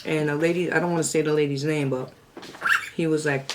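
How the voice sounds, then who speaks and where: A middle-aged woman hosting a casual home cooking vlog, chatting to viewers and cooing at her parrot in a high sweet voice. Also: fairly even intonation, fairly quick, very noisy. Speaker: cooking channel host. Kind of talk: casual chat to camera.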